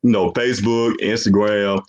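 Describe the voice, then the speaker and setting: A man's voice: lowish voice, steady tone, normal speed, darkish tone, muffled recording. A young man hosting a podcast, talking in a loose, rambling way and filling his sentences with "you know what I'm saying". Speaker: podcast host. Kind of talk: casual chat.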